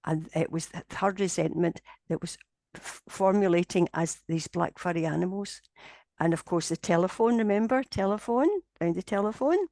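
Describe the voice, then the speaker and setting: A woman's voice: fairly low pitch, normal speed, no room sound. A woman, telling a long story in an interview and acting out the people in it. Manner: animated storyteller, voicing the people in her tale. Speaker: interviewee, paranormal investigator.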